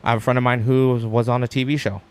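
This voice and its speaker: A man guest chatting casually on a podcast, an animated storyteller who acts out quotes with sudden high jumps in his voice and swears freely. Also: rapid-fire, clean tone. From Arizona, USA. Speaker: guest, stand-up comic.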